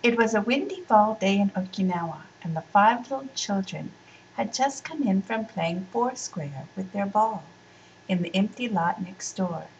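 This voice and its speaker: A woman reading a children's story aloud, expressive and unhurried. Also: mid-range voice, far from the mic, lo-fi sound, slight background noise.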